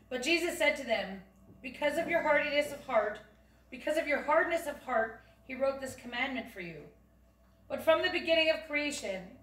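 A woman reading scripture aloud in a church, careful and steady, sometimes stumbling and restarting a word. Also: high voice. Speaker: lay reader. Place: church sanctuary. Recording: echoey church from a distance.

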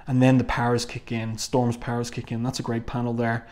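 A man's voice: medium pitch, monotone, a little fast, a little mellow. Guy doing a chill comic review, reads panels out, lots of ums, mid voice. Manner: musing, hesitant, with many ums and restarts. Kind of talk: casual review, reading panels aloud.

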